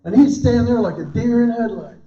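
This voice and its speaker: A man in his fifties, very high-voiced and fairly quick, performs comedy at a church gathering, telling stories and playing the people in them with animated quoted dialogue. He's in a large hall before a live audience, with background noise present. The recording is dull, distant and roomy.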